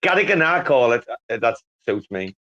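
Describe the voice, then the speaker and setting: A man's voice: mid-range voice, sing-song, normal speed, dull audio, a crowd in the background. A man from the US East Coast chatting on an online panel, rowdy and mocking with crude teasing. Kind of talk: casual online panel chat.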